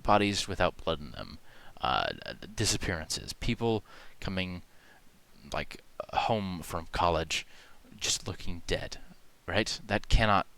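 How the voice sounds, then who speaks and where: A man's voice: low voice, expressive, slow pace, vocal fry, fairly bright tone. A man hosting a parody video, rambling through mock-serious conspiracy commentary with lots of fillers and hesitations. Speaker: video host.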